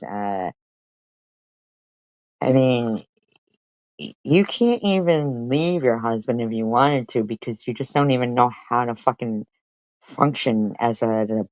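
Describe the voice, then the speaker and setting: A woman's voice: very deep voice, a little mellow, no echo, low-quality recording. Profane, confrontational woman streamer. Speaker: live streamer. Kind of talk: heated live-stream commentary.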